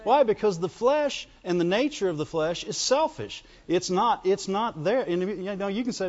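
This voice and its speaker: A man's voice: high-pitched, animated, moderate pace, hardly any pauses, a little mellow. A man preaching a folksy sermon in church, calling out to the congregation for amens as he goes. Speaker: pastor. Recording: dull lo-fi recording with long reverb.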